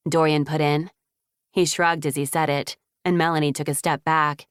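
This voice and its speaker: A woman narrating a first-person audiobook in a measured, even manner. Her voice sits low, and the recording is dry and close, with no room sound. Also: clean tone, no room sound.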